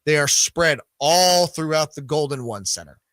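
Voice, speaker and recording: A man co-hosting a sports radio show, bantering and teasing in a casual, animated way. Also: on the high side, normal speed, no echo, clean studio sound.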